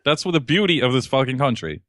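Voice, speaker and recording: A man's voice: medium pitch, lively intonation, fast, fairly bright tone, no room sound, clean studio sound. A man co-hosting a podcast in casual chat, ranting in a profane, exasperated way. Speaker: podcast co-host.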